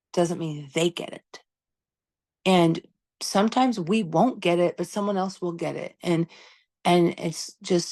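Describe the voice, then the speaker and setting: A woman's voice: on the low side, a little mellow. A woman in her fifties hosting a podcast, talking candidly and emphatically about parenting in a casual, conversational way, swearing freely. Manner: conversational, lots of "you know" and "right?". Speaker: podcast host.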